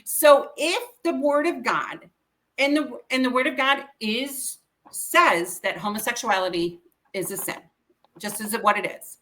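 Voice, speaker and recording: Middle-aged woman guest, bright voice, heartfelt and earnest, retells conversations. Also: on the high side, unhurried. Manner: earnest, emotional, quotes others in conversation. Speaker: interview guest. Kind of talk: personal storytelling.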